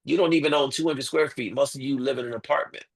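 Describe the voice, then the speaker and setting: A man's voice: medium pitch, fast talker, creaky, slightly rough, poor audio. A man as an interview guest, making his case emphatically with rhetorical questions and repeated points. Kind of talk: impassioned interview talk.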